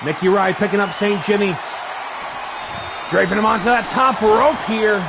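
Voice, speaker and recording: Gravelly, excitable wrestling play-by-play man. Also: high-pitched, moderate pace, crowd noise, noisy background. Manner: calls moves in short bursts, thanks chat viewers. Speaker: play-by-play commentator for an online wrestling match.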